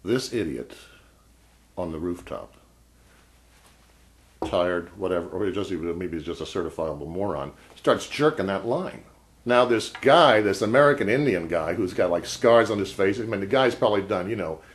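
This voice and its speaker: A man's voice: low voice, expressive, moderate pace. A man vlogging a casual story about an old job, rambling and wry, often breaking off mid-sentence. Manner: rambling, self-interrupting, wry.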